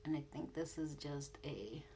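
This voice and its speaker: A woman's voice: low-pitched, moderate pace, mellow, slight background noise. A young woman beauty vlogger telling a story in casual chat, laughing often and swearing bluntly while she does her makeup.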